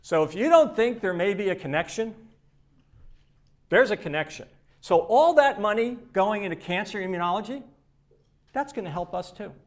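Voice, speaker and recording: A man addresses a conference audience in a live keynote speech. His voice sits somewhat high for a man, and his delivery is emphatic yet conversational, with frequent repeated words as he builds his points. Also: expressive, moderate pace, pauses often. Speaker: keynote speaker for a research charity. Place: conference stage before an audience.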